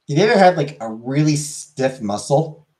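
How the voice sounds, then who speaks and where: A man's voice: a little high, expressive, moderate pace, a little mellow. A man streaming, chatting casually and rambling with lots of fillers while answering chat.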